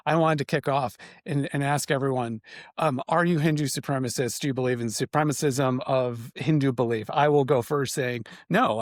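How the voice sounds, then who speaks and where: A man's voice: medium pitch, dry recording, clean studio sound. A man hosting a casual panel discussion, talking in a wry, chatty way with joking asides. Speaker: host.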